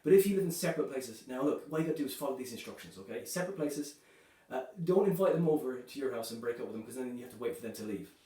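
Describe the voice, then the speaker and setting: A man performing a stand-up comedy set, delivering dark jokes in a loose, chatty way, filling his lines with "you know" and "right". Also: mid-range voice, lively intonation, rapid-fire, few pauses. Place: comedy club stage. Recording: echoey room, voice from a distance.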